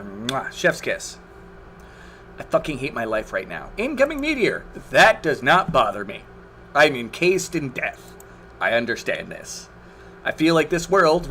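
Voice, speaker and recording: A man's voice: mid-range voice, lively intonation, unhurried, fairly bright tone, slight background noise. A man commentating his own gameplay on a live stream, exasperated, swearing and groaning at the game.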